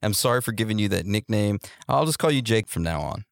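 A man's voice: on the low side, lively intonation, fast, creaky, no room sound, studio quality. A man hosting a podcast in a laid-back, rambling way, laughing easily between thoughts. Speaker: podcast host. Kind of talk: casual podcast chat.

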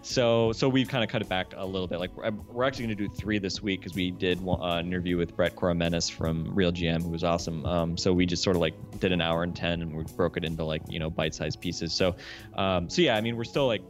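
A man with a fairly low voice, chatting casually as a podcast guest. He rambles and restarts, leaning on "like" and "you know". Faint music runs underneath. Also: fairly even intonation, fast. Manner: rambling, heavy use of "like" and fillers. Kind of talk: casual chat.

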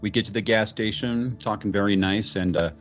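A man with a low voice retells a ghost story with theatrical flair. He stumbles and repeats words, then jumps up in pitch on exclamations, half channeling a famous actor. The sound is muffled and lo-fi, with soft music underneath. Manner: slipping in and out of a celebrity impression; halting, repeats words, sudden high exclamations.

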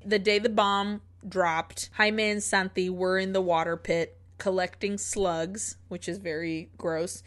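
A woman co-hosting a podcast, retelling a film's plot in a lively, casual way, acting out the characters' lines and swearing freely. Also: mid-range voice, a little slow, few pauses. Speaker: podcast co-host. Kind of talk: casual film recap chat.

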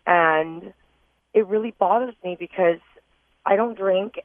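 On a tinny phone line, a woman with a voice on the low side calls in to a radio advice show and explains her problem somewhat hesitantly. There's no room sound in this call-in radio conversation.

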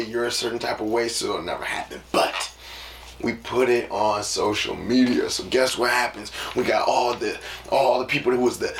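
On a casual solo podcast, a male host with a mid-range, slightly bright voice rambles and preaches, often ending lines with "you know what I'm saying." The mic sounds distant and roomy, with noise in the recording.

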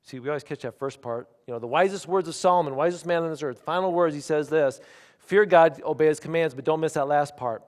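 A pastor in his forties preaching a sermon, shifting from hushed, intimate asides to loud, emphatic declarations. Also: fairly high pitch, quick pace, hardly any pauses, in a large hall. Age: 40s. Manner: animated preaching, swinging from quiet asides to loud emphatic lines.

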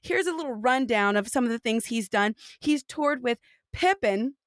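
Bubbly high-voiced woman hosting. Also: animated, dry recording, clean studio sound. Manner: bubbly, teasing, quick to laugh. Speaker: podcast host. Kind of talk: casual interview chat.

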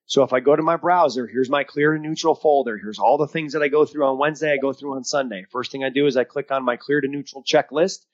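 A man's voice: mid-range voice, steady tone, quick pace, few pauses, lo-fi sound. A man co-hosting a podcast as a mental performance coach, talking with emphatic coaching energy over a video call. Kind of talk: casual podcast chat.

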